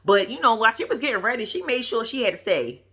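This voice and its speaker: A woman's voice: on the high side, lively intonation, quick pace, a bit bright, slightly rough. A woman giving casual, profane, gossipy commentary on a reality TV episode, laughing often as she talks. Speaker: reality TV recap vlogger.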